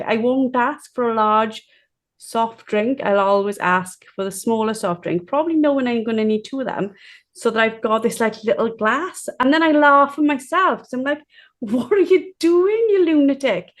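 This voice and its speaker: A woman hosts a podcast in a mid-pitched, everyday voice. She talks in a chatty, relaxed way and laughs easily as she tells stories. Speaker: podcast host. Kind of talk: podcast conversation.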